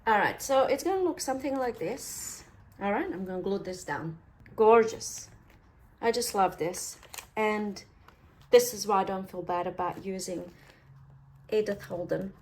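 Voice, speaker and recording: A woman's voice: mid-range voice, a little slow, pauses often. Chatty Australian woman crafting. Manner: rambling and self-deprecating, talks while working. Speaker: craft vlogger.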